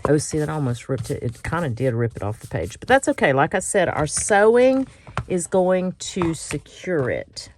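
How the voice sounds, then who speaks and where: A woman's voice: deep voice, sing-song, normal speed, slight background noise. A middle-aged woman hosting a casual crafting tutorial, chatty and self-mocking and often laughing. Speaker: craft channel host.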